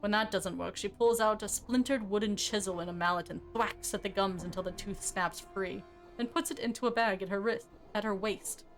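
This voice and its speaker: A woman's voice: medium pitch, fairly even intonation, normal speed, faint music behind. A woman game streamer reading game text aloud, casual and swearing now and then. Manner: casual, swears, laughs at herself.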